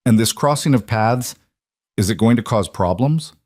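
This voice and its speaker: A man's voice: medium pitch, lively intonation, moderate pace, a little mellow, dry recording, studio quality, natural voice. A man voicing an earnest frontier widow. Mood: worried. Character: worried, grateful frontier widow mother.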